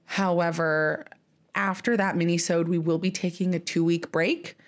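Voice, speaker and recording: A young adult woman co-hosting a book podcast in casual chat, chatty and quick to laugh. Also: on the low side, little pitch movement. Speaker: podcast co-host.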